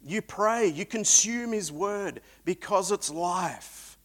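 A man preaching a sermon, swinging between loud emphatic peaks and quiet reflective stretches. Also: sits high, lively intonation, slow pace.

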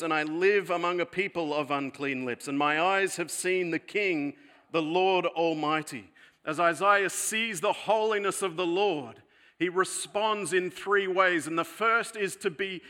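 A man preaching a sermon, earnest and deliberate, slowing down to stress key words. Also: high-pitched. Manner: earnest preaching, slows for emphasis, drops softer later. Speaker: pastor.

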